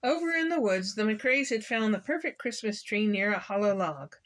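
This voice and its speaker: A woman's voice: medium pitch, animated, moderate pace, fairly bright tone, a little hiss or hum. A woman reading a children's picture book aloud, playful and asking the listener questions. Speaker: children's story reader.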